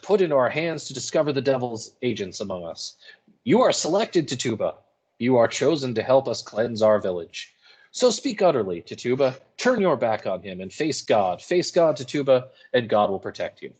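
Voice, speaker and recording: A man's voice: medium pitch, very animated, normal speed, husky, voice pushed up. A man reading the part of a zealous minister in a play, earnest and preacherly as he coaxes a confession. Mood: fervent.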